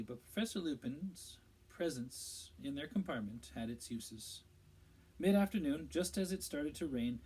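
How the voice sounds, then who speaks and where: A man narrating a storybook aloud in a steady, measured read-aloud style. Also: medium pitch, husky, low-quality recording. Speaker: audiobook reader.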